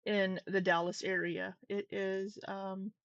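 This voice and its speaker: A woman's voice: mid-range voice, flat delivery, slow, dry recording. A woman with a runny nose chatting casually on a live stream at home, rambling, greeting viewers and laughing easily. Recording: slightly dull lo-fi stream audio.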